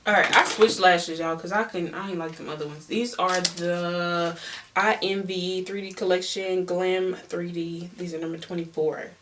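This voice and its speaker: A young woman telling a story on her vlog in a casual, animated, slangy way, repeating words for emphasis. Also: lowish voice, moderate pace, recorded from a distance, background noise. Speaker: beauty vlogger.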